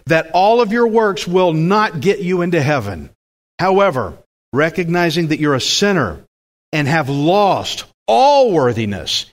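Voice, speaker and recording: Emphatic male preacher, fairly high voice. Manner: emphatic, asks the congregation questions. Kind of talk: sermon.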